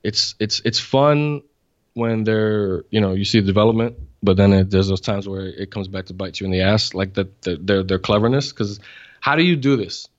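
A man in his thirties who co-hosts a casual chat, telling animated stories about being a father and laughing often. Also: on the low side, moderate pace, dry recording, lo-fi sound. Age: 30s. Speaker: podcast co-host and father.

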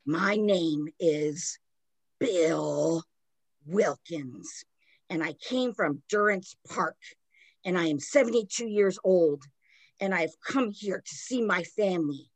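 A woman voicing a menacing old male ghost with a raspy, slow, drawn-out voice. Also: on the low side, animated, no echo, exaggerated voice. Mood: slow, eerie.

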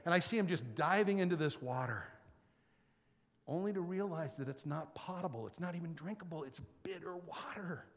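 A man preaching a sermon, telling the story with dramatic swings from loud and excited to quiet and whispered. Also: on the high side, normal speed, big-room sound.

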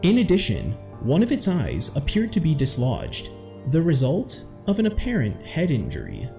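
A young man hosts a casual mystery podcast, cracking jokes between facts. His pitch swings up and down a lot. The recording has noticeable echo with faint music under it. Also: huge pitch swings, normal speed, creaky. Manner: jokey, lots of fillers and laughter. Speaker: podcast host. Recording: echoey home recording.

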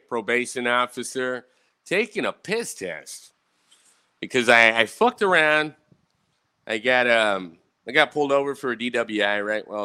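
A young man's bright, forceful, medium-pitched voice carries his casual storytime, where as a vlogger he tells viewers rambling stories full of profanity. "Right?" often gets added to the end of his sentences.

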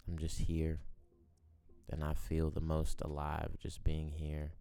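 A young man in his twenties with a very low, gravelly voice that stays smooth and resonant underneath. He hosts a solo podcast, smoking as he rambles, swears freely and muses aloud with no script. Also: completely flat delivery, takes it slowly, warm tone. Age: 20s. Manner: rambling, profane, musing aloud; smoking while talking. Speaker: podcast host. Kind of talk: unscripted solo podcast monologue.

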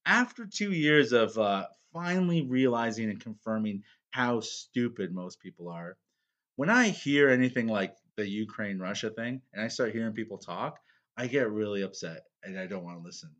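Man, 30s, podcast co-host; bright, animated, loose rambling with lots of swearing; dull lo-fi recording. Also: lowish voice, normal speed. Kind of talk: casual podcast chat. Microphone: podcast microphone.

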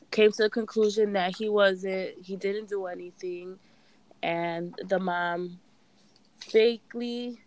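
Young woman co-host, low unhurried voice, relaxed storytelling. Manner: laid-back storytelling with fillers. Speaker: podcast co-host. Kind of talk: casual chat.

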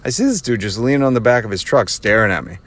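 A man's voice: mid-range voice, animated, fast, fairly bright tone. A man hosting his own podcast, telling a casual story with a lot of sarcasm and frequent laughter, recorded while driving. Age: adult with children. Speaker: podcast host. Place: driving in a car.

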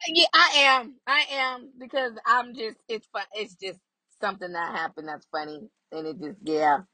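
A woman's voice: mid-range voice, normal speed, no echo. A woman hosting her podcast while driving, chatting casually to her listeners. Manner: chatty, animated, addresses listeners as y'all. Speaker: podcast host. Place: in a car. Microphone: phone.

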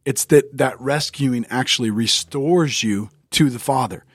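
A man's voice: mid-range voice, a little slow, dry recording. Brief: male podcast co-host, mid-range voice, thoughtful, dry studio mic. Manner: reflective, with frequent "right?" asides. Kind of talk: casual faith talk.

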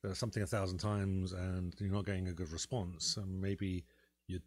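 A man's voice: low-pitched, flat delivery, moderate pace, over a noisy crowd. A man co-hosting a casual podcast, talking in a rambling way with many fillers and restarts. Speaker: podcast co-host.

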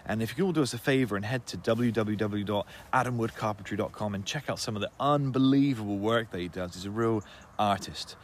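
A young adult man hosting a podcast, animated and jokey, with a lowish voice. A faint hum sits under the recording. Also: brisk. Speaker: podcast host. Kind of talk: casual chat and sign-off.

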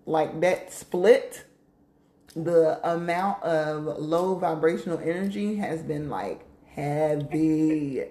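A woman with a low, deep voice talks casually and candidly, swearing freely and laughing often. Her voice carries the echo of a reverberant room. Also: takes it slowly, warm tone. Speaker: podcast co-host. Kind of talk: casual chat.

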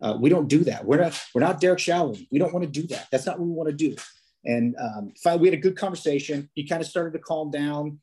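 A man's voice: a little high, quick pace, mellow, slightly rough. A police officer, a man, chatting as a podcast guest, telling stories casually with many restarts and fillers. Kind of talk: casual interview storytelling.

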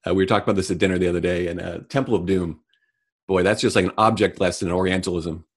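Deep-voiced man ranting in mock outrage. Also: steady tone, racing, husky. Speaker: podcast co-host. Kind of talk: casual comedic chat.

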